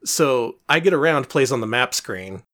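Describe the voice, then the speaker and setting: A man's voice: mid-range voice, lively intonation, moderate pace, fairly bright tone. A man co-hosting a casual podcast about retro games, explaining things in a wry, chatty way and laughing often. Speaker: podcast co-host.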